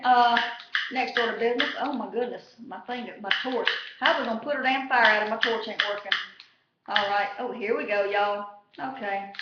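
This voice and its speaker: A woman's voice: on the high side, very noisy. A woman chatting casually about a reality show, profane and rambling, full of fillers. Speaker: vlogger recapping a reality show. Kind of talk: casual chat. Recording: echoey room, dull lo-fi sound.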